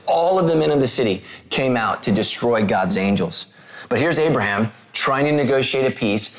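A man preaching a sermon. He reads scripture slowly and retells it in casual, animated paraphrase, talking straight to his listeners. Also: medium pitch. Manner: talks directly to listeners, asks them to take notes.

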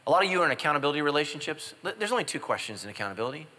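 Animated joking pastor in a big hall. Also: male voice, rapid-fire. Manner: animated, jumps into loud high exclamations and drops to hushed confessions. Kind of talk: humorous sermon with storytelling.

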